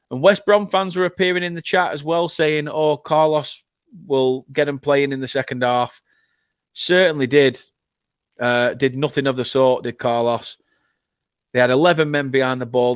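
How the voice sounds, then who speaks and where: A man from England hosts a live football watchalong in an excitable, emotional, chatty way, reading viewer comments aloud. His voice is smooth and resonant. The sound is dry and close, with no room echo. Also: a little high. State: upset, has been crying. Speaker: football fan channel host.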